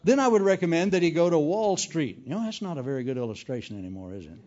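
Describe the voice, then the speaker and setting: A man's voice: on the high side, quick pace. A man preaching a humorous sermon as an evangelist, telling folksy stories with jokes. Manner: folksy, joking, animated storytelling. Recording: dull lo-fi recording.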